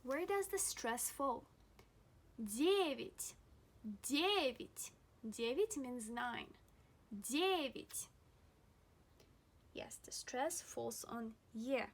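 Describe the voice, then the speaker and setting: A young woman teaching a pronunciation lesson, speaking slowly and deliberately and repeating each example word several times. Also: on the high side, animated. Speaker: language teacher.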